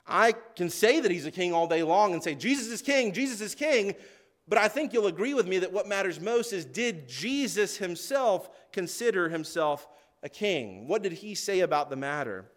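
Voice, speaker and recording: In a high-pitched voice with lively intonation, a man delivers an earnest, emphatic sermon. He reads scripture aloud and slows his pace to drive home important words.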